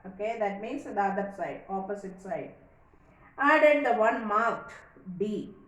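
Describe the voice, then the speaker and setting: A woman's voice: mid-range voice, a little slow. A woman teaching a reading lesson, reading the text aloud and explaining the meanings of words. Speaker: English teacher. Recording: echoey room, voice far from mic.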